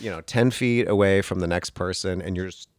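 A man telling a funny story in casual chat, animated, lifting into higher, sillier voices when he quotes people. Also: a little fast, no room sound, clean studio sound.

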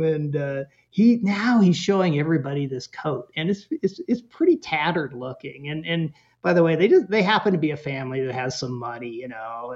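A man telling a parenting story as a podcast guest, lively and full of fillers, acting out the people he quotes. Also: on the high side, lo-fi sound. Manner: animated storyteller, acts out quotes, many fillers.

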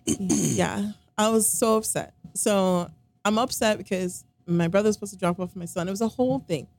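There's vocal fry in this woman's medium-pitched, slightly mellow voice as she talks at a moderate pace. Chatting casually, she rambles through the story of a relationship, using many fillers and repeating what others told her.

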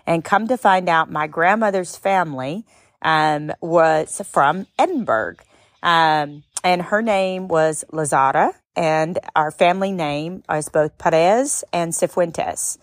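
A middle-aged woman hosts a podcast and tells a personal story in an emotional monologue. She is expressive and sometimes tearful, rising into high exclamations. She speaks slowly, and the recording is dry.

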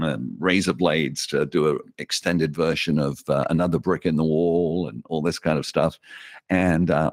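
Deep-voiced English radio DJ. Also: male voice, dry recording, studio quality. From England. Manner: animated anecdotal storyteller. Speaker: radio DJ guest. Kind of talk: casual storytelling interview.

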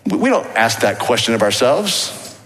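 Pastor preaching in a reverberant hall. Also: male voice, mid-range voice, big pitch swings, normal speed, a bit bright. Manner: earnest, rising to emphatic exhortation. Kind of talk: sermon. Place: church sanctuary. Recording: long reverb of a church hall.

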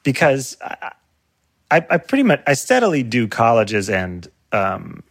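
A man's voice: medium pitch, wildly swooping pitch, unhurried, no room sound, clean studio sound. A male comedian in a casual chat, laughing often as he riffs and acts out silly voices. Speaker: comedian guest.

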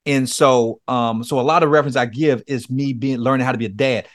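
A man's voice: mid-range voice, steady tone, fairly quick, dry recording. A man speaking as a guest, earnestly telling a personal story and acting out his own pleas. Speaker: podcast guest, men's coach. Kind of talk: conversational testimony.

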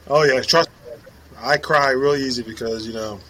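Man, mid-pitched voice, laid-back co-host, casual chat, faint hiss. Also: moderate pace, fairly bright tone, rough recording. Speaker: podcast co-host.

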